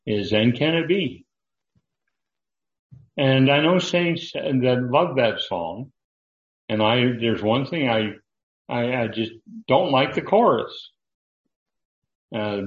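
An older man preaching a sermon, speaking in a slow, halting way with frequent fillers and restarts. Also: mid-range voice, roomy sound, highs cut off. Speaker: pastor.

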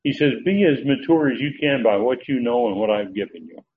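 A man teaching through Bible verses word by word, pausing often with filler sounds as he explains. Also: medium pitch, lively intonation. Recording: dull lo-fi recording with faint background noise.

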